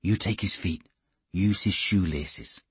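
A man voicing a burly, gruff commando who gives low, curt, matter-of-fact orders. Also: slow pace, dry recording, exaggerated voice.

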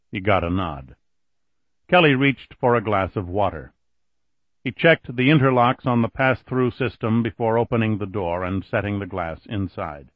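A man narrating an audiobook in a steady, even reading voice, on a dull lo-fi recording. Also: fairly low pitch, moderate pace, dry recording. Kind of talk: scripted narration.

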